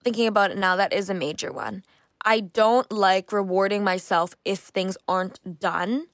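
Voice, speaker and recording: Young woman host in her twenties, mid pitch, candid self-reflective solo podcast talk, dry close recording. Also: a bit bright, dry recording. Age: 20s. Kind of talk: casual solo podcast monologue.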